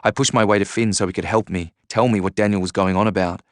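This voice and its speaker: A man reading a first-person novel aloud in a steady, measured way. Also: fairly low pitch, no echo, studio quality. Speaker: audiobook narrator.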